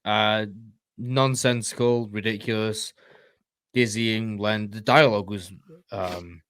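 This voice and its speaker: A man's voice: on the low side, fairly even intonation, slow pace, a bit bright, clean tone, dry recording. A man co-hosting a podcast, chatting casually about a movie with short, laid-back remarks. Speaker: podcast co-host.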